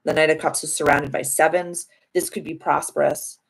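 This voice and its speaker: In a rough recording, a tarot reader and live-stream host, a young adult woman, speaks at moderate pace in a low, level, gravelly voice with a breathy edge. Her casual reading is chatty and affirming, full of spiritual phrasing and "like" fillers.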